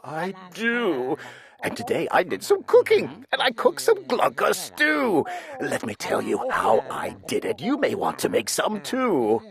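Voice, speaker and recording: A woman's voice: fairly low pitch, gravelly, exaggerated voice. A woman voicing a smug, gabbing green male glunk creature in a storybook read-aloud. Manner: gabbing, sing-song and pushy.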